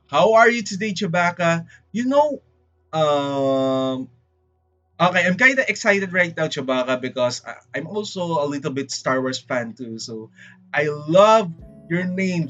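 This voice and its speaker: A man with a Filipino accent chatting casually on a livestream, rambling and excitable, often saying "freaking". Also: a little high, takes it slowly, muffled recording, faint music behind. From Philippines. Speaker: VTuber streamer.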